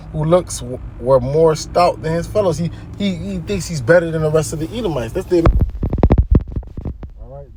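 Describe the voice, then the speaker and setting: Slight background noise accompanies a man's medium-pitched, somewhat mellow voice as he teaches scripture. His casual, conversational preaching reads verses aloud, explains them plainly, and often checks in with listeners.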